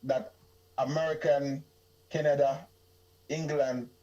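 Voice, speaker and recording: A Jamaican man, a guest in a casual interview, talking in a halting way, often agreeing and repeating himself. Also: medium pitch, level tone, mellow, highs cut off.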